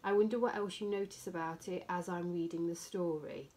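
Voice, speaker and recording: A woman, a primary school teacher, reading a rhyming picture book aloud to her class in a gentle storytelling manner. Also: lowish voice, steady tone, a little fast.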